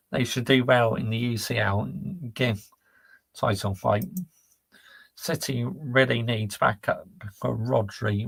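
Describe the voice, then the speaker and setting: A gravelly, husky man, talking bluntly and reacting to chat on a live stream. His voice is close and dry, with no room sound, and his pitch sits in the middle. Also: bright, forceful tone, no echo. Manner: ranting, blunt, laddish slang. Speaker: football channel host reading live chat.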